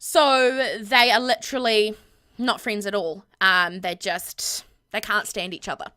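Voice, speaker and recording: A woman's voice: mid-range voice, fairly even intonation, unhurried, pushed and bright. A young woman casually retelling the story of her game household, chatty and rambling, with many fillers. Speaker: gameplay vlogger.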